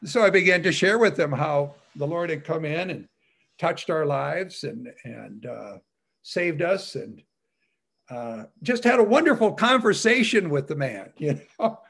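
Guy with a pretty high voice giving his testimony, rambly, lots of you knows, chuckles a lot. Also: animated, measured pace, gravelly, a bit bright. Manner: chatty, many "you know" fillers, chuckles often. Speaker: speaker sharing his testimony with fellow believers. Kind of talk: rambling personal testimony talk.

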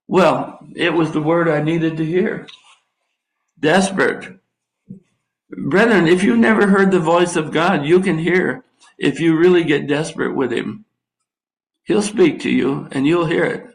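A man's voice: on the high side, measured pace, long pauses, rough recording. An older man preaching a sermon, reading scripture and breaking off into folksy, wry asides to his listeners. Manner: folksy, drawling Bible teaching with asides.

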